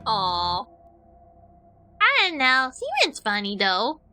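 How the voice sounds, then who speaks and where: A woman streaming a game with a high, bright, tense voice. She chats playfully and rambles from one aside to the next, her pitch leaping around. Soft music plays underneath. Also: huge pitch swings, takes it slowly. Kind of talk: casual chat while playing.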